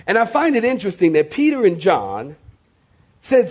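A middle-aged man preaching a sermon as pastor, swinging from loud to hushed and repeating phrases for emphasis. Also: high voice, wildly swooping pitch, moderate pace.

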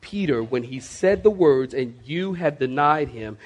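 A man preaching a sermon to a congregation in a church, slowing down sharply to stress key phrases and rising in emphatic bursts. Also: mid-range voice, lively intonation. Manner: preaching with dramatic slowdowns and sudden rises. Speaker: pastor. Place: church sanctuary.

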